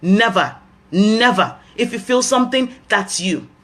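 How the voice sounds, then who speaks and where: A woman's voice: mid-range voice, expressive, a little slow, fairly bright tone. Emphatic Nigerian woman giving advice. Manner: emphatic, repeats key phrases for stress. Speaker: health talk host. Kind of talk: earnest advice monologue.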